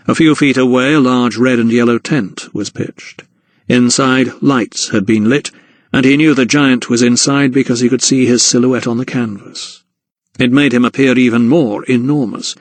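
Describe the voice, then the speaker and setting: A man narrating a historical mystery audiobook in a measured storytelling manner. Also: medium pitch, dry recording. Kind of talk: scripted narration.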